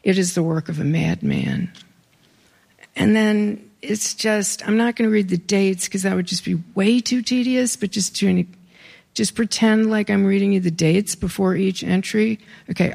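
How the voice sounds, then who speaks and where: Gravelly-voiced reader with casual asides. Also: mid-range voice, expressive, normal speed, a little mellow. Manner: casual asides with fillers between readings. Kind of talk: live reading of memoir stories.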